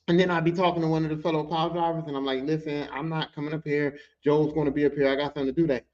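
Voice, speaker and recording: A man's voice: fairly high pitch, rapid-fire, hardly any pauses. A man hosting a podcast, telling a work story in a casual, profane way and acting out other people's lines. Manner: animated, profane, acts out quotes in other voices. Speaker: podcast host. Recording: dull lo-fi audio.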